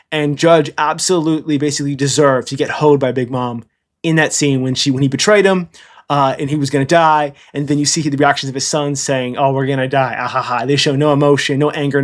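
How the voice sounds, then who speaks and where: A man in casual, rambling commentary, blunt and profane, who keeps checking in with "okay?". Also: fairly high pitch. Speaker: anime commentator. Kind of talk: casual tier-list commentary.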